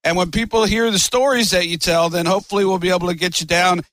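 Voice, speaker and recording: A man's voice: high-pitched, steady tone, fast, a bit bright, dry recording. A man hosting a podcast, talking easily with lots of fillers. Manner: easygoing, filler-heavy wrap-up talk. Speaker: podcast host. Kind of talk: casual interview chat.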